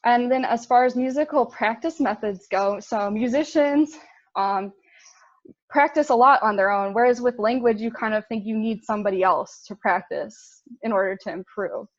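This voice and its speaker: A woman's voice: on the high side, moderate pace, dry recording, highs cut off. A young woman giving a casual intern presentation, chatty, with fillers and laughs at her own slips.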